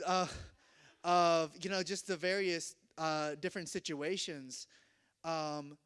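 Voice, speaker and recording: A young man telling a self-mocking story to an audience, animated and laughing often. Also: on the high side, takes it slowly, clear, resonant tone.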